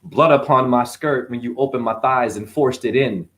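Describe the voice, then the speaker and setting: A man performing freestyle spoken-word rhymes, stream-of-consciousness wordplay that swings between low murmurs and sudden high bursts. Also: normal speed, a bit bright.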